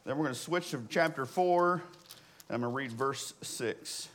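A man preaching a sermon, reading scripture and telling a story, with quiet, lowered prayers. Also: moderate pace. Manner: tells a joke story, acting out voices with rising pitch. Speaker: pastor.

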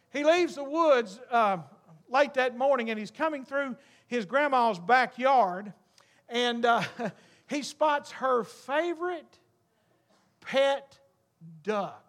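A male preacher with a notably high voice delivers a sermon. He tells his story in a relaxed, folksy way, then climbs into fervent, shouting appeals.

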